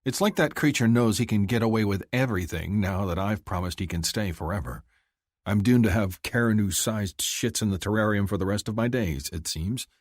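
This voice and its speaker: A man narrating a first-person romance audiobook in a husky voice, shifting up to speak the heroine's lines. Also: a little fast, no room sound, clean studio sound. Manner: husky, lively delivery, lifting high for the heroine's lines.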